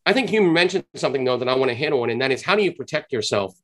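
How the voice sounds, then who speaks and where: A man in a relaxed interview, talking earnestly and explaining his points step by step. His pitch sits in an ordinary middle range, and he slows down to lean on the words that matter. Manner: earnest, explanatory, drawn-out emphasis on key points. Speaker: podcast guest, sales trainer. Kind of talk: conversational interview answer.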